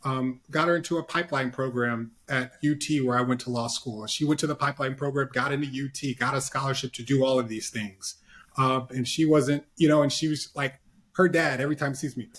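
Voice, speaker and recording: This is a man of middle pitch, talking as a panelist in an easygoing online discussion. He gives earnest advice, circling back with fillers and tag questions. He is heard through a video call. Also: fairly even intonation, fairly quick, a bit bright.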